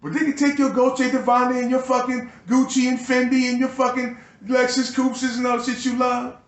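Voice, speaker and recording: A man's voice: very high-pitched, little pitch movement, fairly quick. Profane, agitated man ranting in an echoey room. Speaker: YouTuber. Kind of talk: angry ranting monologue.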